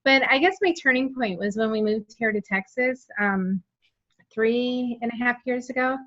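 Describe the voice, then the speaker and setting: A woman's voice: fairly high pitch, normal speed, fairly bright tone. Woman in her 40s rambling thru her story, lots of ums, muffled lo-fi audio. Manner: candid, rambling with many fillers. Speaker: guest sharing her story. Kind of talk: casual personal testimony. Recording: dull lo-fi sound.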